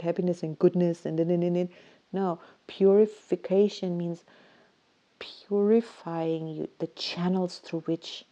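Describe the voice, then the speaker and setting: A woman's voice: on the low side, dark tone, highs cut off. A woman hosting a spiritual talk, rambling casually and animatedly, acting out quotes and often laughing. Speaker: spiritual podcast host.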